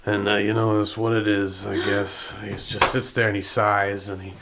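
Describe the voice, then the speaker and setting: A man's voice: lowish voice, flat delivery, moderate pace, noisy background. A man narrating a tabletop game as game master, loosely and with many fillers.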